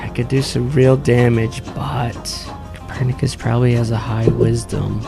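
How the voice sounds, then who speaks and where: A man's voice: medium pitch, little pitch movement, moderate pace, creaky, music in the background. A man narrating a tabletop game as game master, laid-back and describing combat results.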